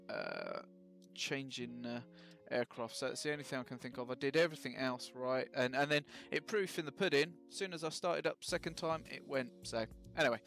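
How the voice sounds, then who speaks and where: A slightly higher-voiced man with a gravelly edge, narrating his flight sim prep in a loose, rambling way. He cracks self-mocking jokes and fills pauses with ums and uhs. Soft music plays faintly behind him. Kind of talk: casual live-stream commentary.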